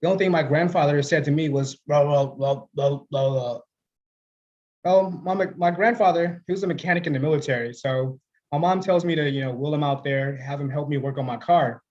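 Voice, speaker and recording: Man, stand-up comedian, deadpan, self-mocking, higher voice, dull lo-fi audio. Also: quick pace. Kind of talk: stand-up set.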